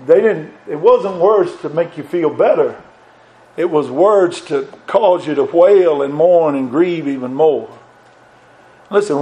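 A man's voice: high voice, a little mellow, low-quality recording. A male preacher delivering a sermon. He recites scripture in old-fashioned biblical wording, rises in fervent emphasis on repeated refrains, and often restarts and repeats words.

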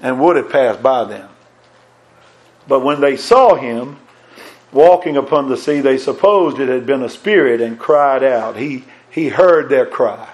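A man preaching a sermon, fervent and emphatic, repeating words and swinging between raised and hushed delivery. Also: medium pitch, measured pace, low-quality recording.

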